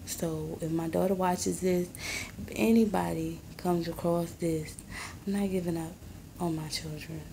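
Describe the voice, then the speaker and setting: Slow, gravelly-voiced young woman rambling. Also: on the low side, steady tone, slight background noise. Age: 20s. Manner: soft-spoken, often hushed. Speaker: vlogger and mother. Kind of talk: casual rambling vlog. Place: small apartment.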